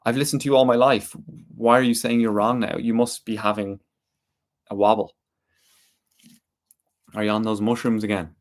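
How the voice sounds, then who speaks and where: A man voicing a stubborn young king in a told story, talking quickly in a defensive, scoffing way. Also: fairly low pitch, level tone, lightly acted.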